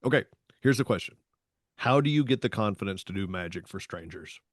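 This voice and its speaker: A man, co-hosting a podcast and telling stories in a lively, casual way, acting out the voices in his stories. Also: lowish voice, a little fast, no room sound, clean studio sound. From Tennessee, US. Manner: animated storytelling with voiced quotes. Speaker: podcast co-host. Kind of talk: casual chat.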